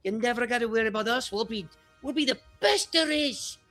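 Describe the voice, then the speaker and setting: A game master voicing a cocky little orc boy who leads the other children, talking in a high, eager, boastful voice. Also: a little fast, a bit bright, faint music behind, lightly acted.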